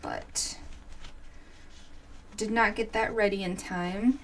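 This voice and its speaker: Slow, giggly woman in her forties. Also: medium pitch, steady tone, fairly bright tone, a little hiss or hum. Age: 40s. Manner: chatty and giggly, answering viewers' comments. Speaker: crafting livestream host. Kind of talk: casual chat while crafting.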